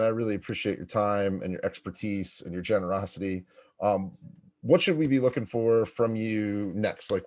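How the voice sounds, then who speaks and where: A man's voice: on the low side, darkish tone, no echo. A man hosting a casual interview, laid-back and chatty, with lots of fillers and repeated words. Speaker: host and writing center director.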